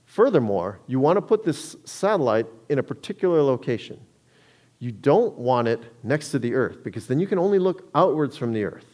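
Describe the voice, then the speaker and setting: A man's voice: medium pitch, very animated, moderate pace, a little mellow. Man telling a story in a talk. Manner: storytelling, conversational with restarts. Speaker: speaker giving a talk. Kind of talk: public talk to a live audience.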